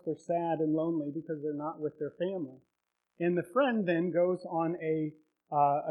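A male pastor preaching a sermon, retelling a story with emotion and building to loud, heartfelt peaks. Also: sits high, highs cut off.

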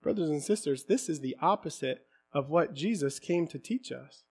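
A man preaching a sermon to his congregation, swinging from quiet, candid talk to impassioned shouting. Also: fairly high pitch, animated, normal speed, a little hiss or hum. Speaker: pastor.

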